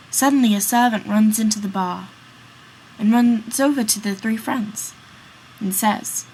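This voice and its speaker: A woman's voice: medium pitch, a little mellow, a little hiss or hum, low-quality recording. A woman narrating a classic tale in a read-aloud story summary. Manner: slow, storytelling.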